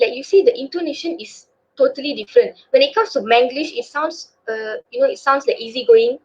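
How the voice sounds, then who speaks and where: A high-pitched, husky young woman speaks a little fast with a Malaysian accent during a casual student webinar. Her presentation is chatty and crowded with fillers, captured through a video call with flat, lo-fi sound.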